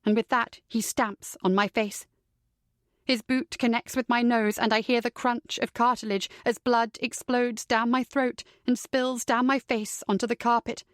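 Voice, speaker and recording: A woman's voice: fairly high pitch, steady tone, unhurried, no room sound, clean studio sound. A woman narrating a first-person psychological thriller audiobook in a tense, dramatic way.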